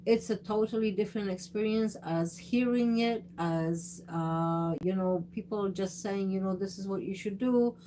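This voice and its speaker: Halting, motherly livestream host woman. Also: mid-range voice, dark tone, slight background noise. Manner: halting, many fillers and restarts. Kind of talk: casual livestream chat.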